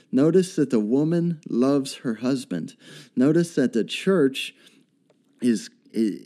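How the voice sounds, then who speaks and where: A man's voice: mid-range voice, dark tone. A man preaching a sermon in an earnest, repetitive way, with many fillers and restarts.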